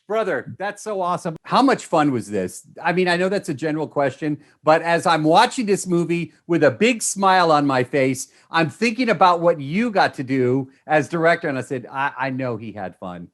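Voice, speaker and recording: High, gushing male interviewer. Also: expressive, normal speed, hardly any pauses. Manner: effusive, enthusiastic, gushing. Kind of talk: casual press-junket interview.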